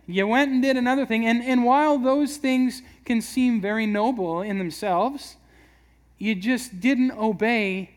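A man giving a casual, conversational sermon, acting out quick voices for everyday scenes. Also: very high-pitched. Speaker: preacher.

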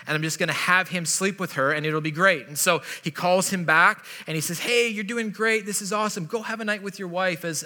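A man preaching with a bright, forceful edge and a somewhat high voice. He retells the story in a relaxed, chatty way, as if speaking to friends. His words ring out with the long reverb of a big hall. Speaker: pastor. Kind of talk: sermon.

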